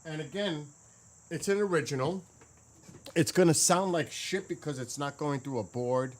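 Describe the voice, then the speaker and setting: A man's voice: fairly high pitch, normal speed. A man in a casual chat, muttering to himself as he searches through old files and explains how he recorded his music. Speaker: gaming streamer and drummer.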